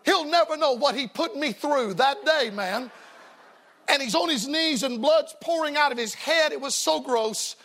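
A man's voice: very high voice, moderate pace, pushed and bright. A man preaching a revival sermon to a church congregation, folksy and emphatic, telling stories and hammering repeated refrains. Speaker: evangelist preacher.

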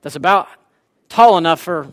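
Pastor, male, 30s, fairly high voice, impassioned and folksy from the pulpit. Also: moderate pace, a bit bright. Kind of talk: sermon.

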